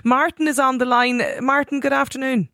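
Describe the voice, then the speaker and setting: A woman's voice: high-pitched, steady tone, brisk, sharp tone, no echo, clean studio sound. A woman hosting a radio phone-in. She gives brief acknowledgements and reads out listener texts. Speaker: radio host. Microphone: studio mic.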